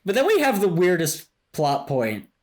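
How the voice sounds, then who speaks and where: A man co-hosting a casual TV rewatch podcast, laughing often and reacting with quick exclamations. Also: sits high, huge pitch swings. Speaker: podcast co-host.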